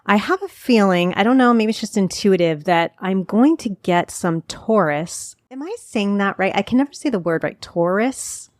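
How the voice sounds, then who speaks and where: A woman's voice: medium pitch, expressive, moderate pace, hardly any pauses, a little mellow, no echo. A middle-aged woman with a New Jersey accent hosting a local podcast, chatty and self-deprecating with rambling asides. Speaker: podcast host.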